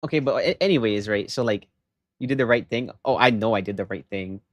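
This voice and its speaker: A young man chatting casually on a livestream, telling a story in an animated way and rising into loud exasperation. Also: fairly low pitch, brisk, no room sound, dull audio. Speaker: live streamer.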